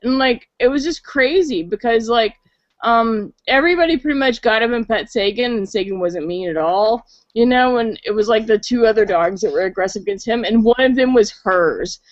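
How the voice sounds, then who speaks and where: Woman guest, higher than average, casual and profane, lo-fi dry call audio. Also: lively intonation, moderate pace, no echo. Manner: chatty, swearing, lots of filler 'like'. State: tipsy. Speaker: guest on a call-in chat show. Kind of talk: casual storytelling.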